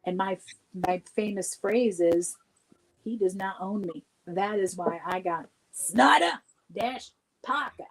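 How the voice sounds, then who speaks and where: A woman's voice: mid-range voice, slow, poor audio. A woman chatting as a guest on a livestream, telling stories with frequent laughter. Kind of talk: casual livestream chat.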